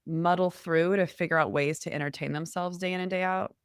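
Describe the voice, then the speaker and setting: Low smooth-voiced woman co-host. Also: fairly even intonation, fairly quick, no room sound, studio quality. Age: middle-aged. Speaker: podcast co-host. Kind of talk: casual chat.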